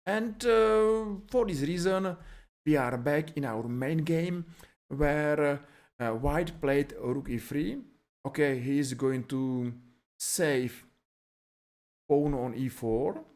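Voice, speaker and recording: Man, chess game analysis, unhurried delivery, somewhat high voice, plain phrasing with fillers. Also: darkish tone. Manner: calls out moves one by one with frequent fillers, in simple non-native phrasing. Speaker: chess commentator.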